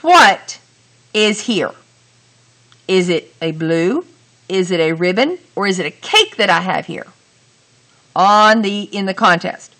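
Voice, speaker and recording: Woman teacher, unhurried and bright-toned, walks students through each sentence step by step. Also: medium pitch, sing-song. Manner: slow, deliberate, talks through each step. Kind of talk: grammar lesson.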